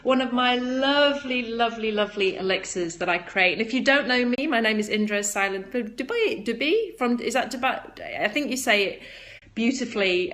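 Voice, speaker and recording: A woman chats on a livestream in a bubbly, high-energy, giggly way, greeting viewers and reading their comments aloud. Her voice sits at an ordinary middle pitch. She talks into a phone camera at close range from a table indoors. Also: a bit bright. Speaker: livestream host selling flower essences.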